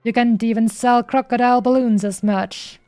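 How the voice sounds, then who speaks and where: A woman's voice: fairly high pitch, steady tone, moderate pace, darkish tone, soft background music. A woman streamer reading game dialogue aloud in a playful way, stopping often on fillers as she goes.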